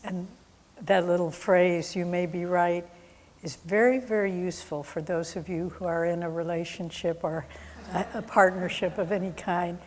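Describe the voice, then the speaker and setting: A woman's voice: fairly low pitch, steady tone, normal speed. A woman spiritual teacher, talking casually and telling stories with quoted asides. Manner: conversational storytelling with quoted asides. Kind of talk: satsang talk with stories. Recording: long hall reverb.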